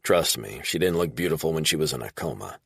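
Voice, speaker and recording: A man's voice: a bass voice, lively intonation, quick pace, a bit bright, slightly rough, no echo, studio quality, exaggerated voice. A man playing a blunt, profane middle-aged former federal agent in an audiobook.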